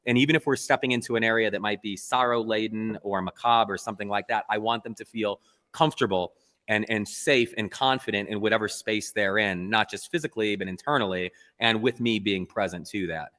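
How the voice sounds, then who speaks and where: A man, a photographer, being interviewed, telling stories in an earnest, animated way. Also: fairly low pitch, brisk, big-room sound. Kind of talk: casual interview talk.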